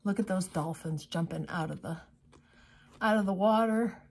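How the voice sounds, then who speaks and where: A woman's voice: on the low side, normal speed, slightly rough. A woman craft vlogger giving casual unboxing commentary, gushing with exclamations and chatty asides to her viewers.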